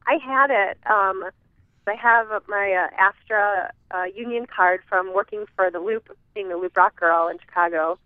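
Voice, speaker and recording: A woman's voice: mid-range voice, fairly even intonation, moderate pace, no room sound. Giggly chatty midwest woman calling in, dry tinny phone sound. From American Midwest. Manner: giggly, chatty, trailing fillers. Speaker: guest. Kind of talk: casual interview chat.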